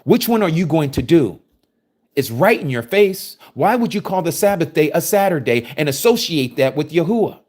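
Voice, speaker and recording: A man preaching a sermon, reading scripture aloud and explaining it with forceful rhetorical questions. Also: on the high side, big pitch swings, moderate pace.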